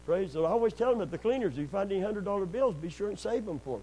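A middle-aged pastor, preaching in a folksy storytelling way, sprinkling in amens and praise God, and rising loud and high when he gets worked up. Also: animated, racing, slight background noise, poor audio. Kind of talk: sermon.

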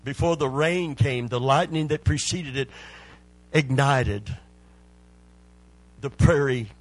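A man preaching a sermon, telling a story slowly and building to loud, fervent shouts of praise. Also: medium pitch. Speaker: pastor.

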